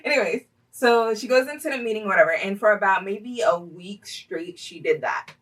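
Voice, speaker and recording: A chatty young woman tells a story-time vlog, her voice bright and forward. She leans on fillers and laughs often, and she sits a little back from the mic. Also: medium pitch, lively intonation, moderate pace, far from the mic, poor audio. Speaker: vlogger telling a personal story.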